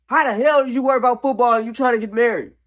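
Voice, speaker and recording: A man's voice: very high voice, rapid-fire, a bit bright. A man hosting a casual football commentary show, blunt and opinionated, slangy and profane, tossing in "bro" and "man" often, while a little sick. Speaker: host of a football commentary channel.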